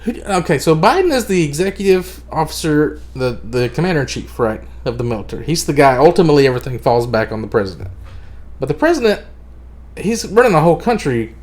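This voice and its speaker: A man streaming a casual opinion rant, profane, rambling and sarcastic. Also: a little high.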